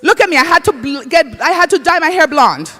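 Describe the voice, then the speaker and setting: Flamboyant male host, very high bright voice. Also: expressive, a little fast. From Dominican Republic. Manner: flamboyant, exclaims in Spanish. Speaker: comedy awards host. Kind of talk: stand-up hosting. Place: comedy stage before a live audience.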